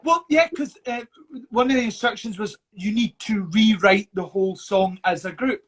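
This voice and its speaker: A man's voice: high-pitched, moderate pace. A man in casual live chat, playful and teasing, who swears freely and calls his friend babes.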